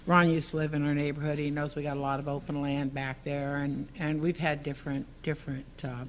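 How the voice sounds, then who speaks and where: Woman at the council mic, earnest, half reading her notes, some faint noise behind. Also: deep voice. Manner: earnest, partly reading prepared text, rambling asides. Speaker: public commenter. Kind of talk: public comment at a council meeting. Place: city council chamber.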